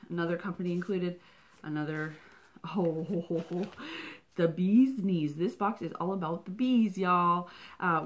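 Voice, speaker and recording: A woman reviewing a subscription box in a chatty, excitable unboxing vlog, dropping into whispers and gasps. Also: fairly low pitch, slight background noise.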